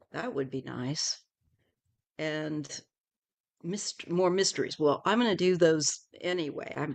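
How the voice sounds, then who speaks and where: A woman's voice: low voice, gravelly. Chatty middle-aged woman tarot reader. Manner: rambling and chatty, often trailing off softly. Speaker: tarot reader hosting a livestream. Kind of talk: casual livestream chat.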